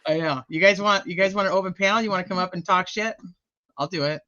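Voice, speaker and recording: A woman's voice: lowish voice, quick pace, sharp tone, no echo, muffled recording. A middle-aged woman hosting a casual live stream, swearing freely, laughing often and sounding a bit scattered.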